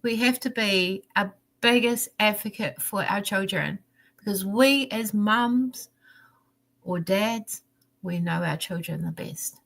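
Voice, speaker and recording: A woman's voice: medium pitch, slow pace, vocal fry, a bit bright. Woman, candid rambling chat, restarts and laughs, video call. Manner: rambling, restarts often, laughs, acts out her son's pleading. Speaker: livestream guest.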